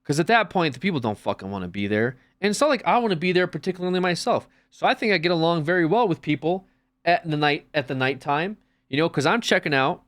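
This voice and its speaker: A man's voice: on the high side, expressive, fast talker, fairly bright tone. A man streaming, chatting casually, swearing often and acting out little scenes. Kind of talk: casual chat.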